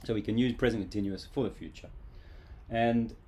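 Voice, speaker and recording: A man's voice: on the low side, fairly quick, a little mellow, slight background noise. A man teaching English grammar in a casual, playful live online class.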